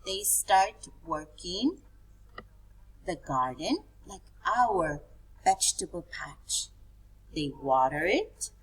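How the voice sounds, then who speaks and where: Woman teaching tiny kids, sing-songy up and down, kinda breathy, lowish voice. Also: very animated, rough recording. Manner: slow, sing-song and pointing things out. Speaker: preschool teacher. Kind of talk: teaching young children.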